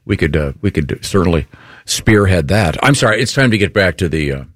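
A man's voice: deep voice, expressive, a little fast, no echo, clean studio sound. A man co-hosting a radio show, teasing and laughing in casual banter. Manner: playful, teasing, laughs often.

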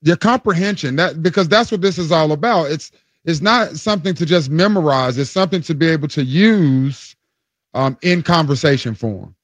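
A man with a slightly high voice quizzes the host in a playful, teasing way. The sound is close and dry. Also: normal speed, dry recording. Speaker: radio segment guest. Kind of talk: casual radio chat.

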